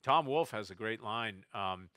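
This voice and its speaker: Bright-voiced man telling stories. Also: fairly low pitch, a little slow, clear, resonant tone, no echo. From Boston, USA. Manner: animated, wry anecdotes with restarts. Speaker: novelist speaking at a festival. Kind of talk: storytelling talk to an audience. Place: festival stage before an audience.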